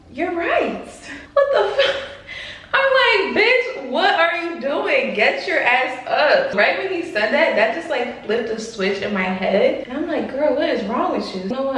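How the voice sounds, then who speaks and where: A woman's voice: mid-range voice, far from the mic. A woman in her twenties from Long Island, New York, candidly talking to her camera at home in a casual confessional vlog, swearing casually as she chats. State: pregnant. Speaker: vlogger. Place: room at home in front of a mirror. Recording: very echoey room, voice off-mic.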